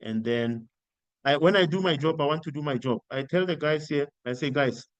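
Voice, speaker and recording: A man's voice: on the high side, fairly quick, no room sound, muffled recording. A middle-aged South African man giving informal career advice, telling stories and acting out quoted dialogue. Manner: animated storytelling, acts out quoted dialogue. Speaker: career coach.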